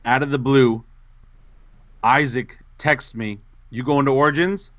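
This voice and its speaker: A man's voice: mid-range voice, steady tone, measured pace, a bit bright, dry recording. Man telling a self-mocking story, dry dull sound. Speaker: podcast co-host. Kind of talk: casual podcast chat.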